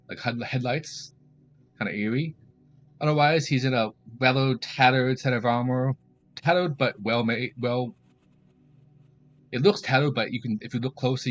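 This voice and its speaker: A man casually describing his game character in a relaxed, hesitant way with many fillers. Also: mid-range voice, lo-fi sound, slight background noise. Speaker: player.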